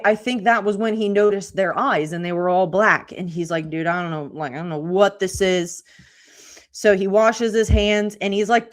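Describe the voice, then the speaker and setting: Podcast lady telling a creepy story, chatty, lots of ums and likes, middle pitch. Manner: chatty retelling with many fillers and quoted asides. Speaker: podcast host. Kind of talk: casual storytelling.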